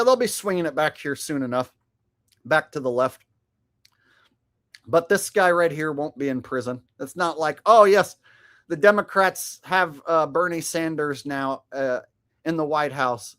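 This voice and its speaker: A man's voice: on the high side, expressive, measured pace, a bit bright. A man hosting a show with casual, sardonic, profane commentary. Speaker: show host.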